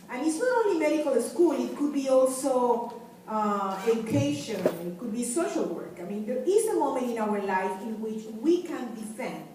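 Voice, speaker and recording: A woman's voice: on the high side, dark tone. A woman in her fifties from Venezuela, giving a passionate, emphatic lecture to students and repeating her key phrases. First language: Spanish. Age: 50s. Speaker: guest lecturer, community health director. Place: university lecture hall. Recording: very echoey hall, distant mic, faint hiss.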